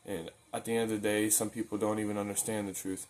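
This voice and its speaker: A faint hiss or hum sits under this man's lowish, darkish voice, which is flat in delivery and quick. He makes daily faith videos, preaching in an earnest, informal, conversational way and repeating words as he restarts ideas.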